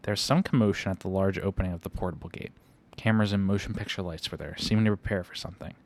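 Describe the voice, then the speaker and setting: A man with a fairly low voice reads a first-person story aloud. He keeps an unhurried, conversational pace, like someone telling a story from his own life. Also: fairly even intonation. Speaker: reader.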